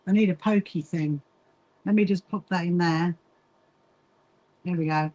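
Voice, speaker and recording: A woman's voice: fairly low pitch, measured pace, mellow, dull audio. A middle-aged woman chats casually to viewers while she sews, reading out their comments and laughing often. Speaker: livestream host. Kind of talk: casual chat while sewing.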